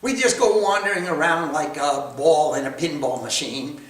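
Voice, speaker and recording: A man's voice: a little high, normal speed. A man teaching a spiritual class, telling stories and answering students' questions in an emphatic, repetitive style. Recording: echoey room, far from mic.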